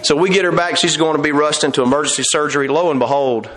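A man's voice: fairly high pitch, fairly even intonation, fast talker, a bit bright, a little hiss or hum. A middle-aged man preaching a sermon, telling folksy stories and building to fervent emphasis. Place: church sanctuary. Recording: long reverb of a church hall.

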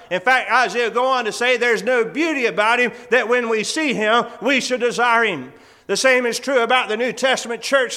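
A man's voice: high-pitched, sharp tone. A man preaching a sermon to his congregation, reading scripture in old English and building to earnest, fervent emphasis.

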